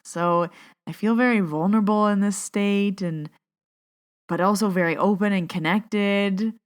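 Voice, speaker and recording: A woman's voice: mid-range voice, measured pace, clear, resonant tone. A young adult woman hosting her own podcast, chatting openly and reading a guided meditation while fighting back tears. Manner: emotional, on the verge of tears. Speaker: podcast host and Reiki teacher. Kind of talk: casual chat and read guided meditation.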